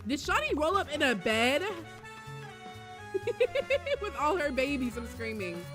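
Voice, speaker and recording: A woman streamer reacting live to a game showcase, excitable, with loud exclamations and frequent laughter. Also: high voice, slow pace. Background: showcase music.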